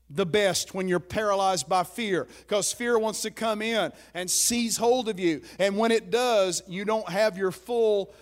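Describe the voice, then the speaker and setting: High-voiced man preaching emphatically. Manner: emphatic, exhorting the congregation. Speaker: pastor. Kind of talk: sermon.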